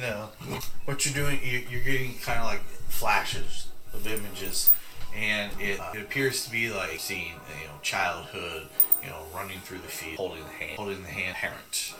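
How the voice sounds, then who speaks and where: A man's voice: lowish voice, a little slow, reverberant, music in the background. A man running a tabletop game as game master, narrating in a loose, rambling way with plenty of restarts and fillers.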